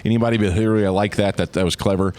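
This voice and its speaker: A man's voice: on the low side, steady tone, rapid-fire, a little mellow. A man co-hosting a talk radio show, thinking aloud hesitantly and trailing off. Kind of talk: casual talk radio chat.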